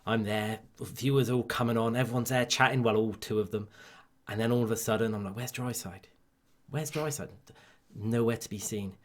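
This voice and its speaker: A man's voice: on the low side, little pitch movement, brisk. A man with an English accent co-hosting a gaming podcast, teasing his partner and telling stories with mock drama. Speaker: podcast co-host and streamer. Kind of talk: casual chat.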